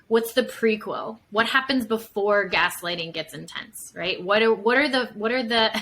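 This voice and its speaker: Bright-voiced woman therapist, chatty. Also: medium pitch, normal speed, a little hiss or hum, poor audio. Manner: chatty, many fillers, acts out examples. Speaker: licensed psychotherapist guest. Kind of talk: casual podcast conversation.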